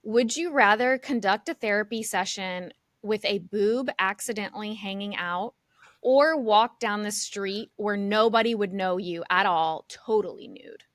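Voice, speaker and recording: A woman's voice: medium pitch, measured pace, dry recording, clean studio sound. A woman hosting a podcast, playfully reading out game questions and chatting with her guests. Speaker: podcast host. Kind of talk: casual podcast chat.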